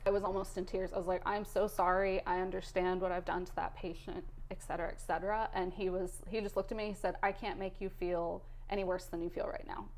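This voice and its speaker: A woman in her thirties, a cath lab nurse, telling an emotional story in a candid, animated way during an interview. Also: lowish voice, fast talker, hardly any pauses.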